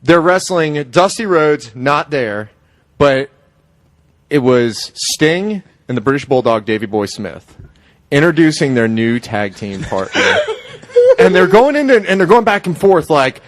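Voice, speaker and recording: A man's voice: on the high side, unhurried, no room sound. A man hosting a podcast, telling stories in a casual chat and often breaking into laughter. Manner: animated storytelling, laughs often. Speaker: podcast host.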